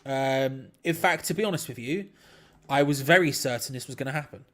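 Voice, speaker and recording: A man's voice: medium pitch, fairly quick, a bit bright. A young man, hosting a live football watch-along with chatty, rambling commentary. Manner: chatty, rambling, self-deprecating. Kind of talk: casual live match commentary.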